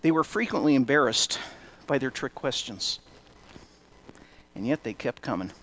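A man's voice: medium pitch, animated, moderate pace, a bit bright. A middle-aged man preaching a sermon in a conversational way, with self-deprecating asides. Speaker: pastor.

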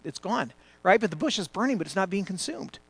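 Pastor, male, fairly high voice, earnest off-the-cuff sermon delivery to a home congregation. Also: animated, a little fast, slightly rough. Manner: earnest, conversational preaching with frequent restarts; rises louder and higher when building a point. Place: church before a congregation.

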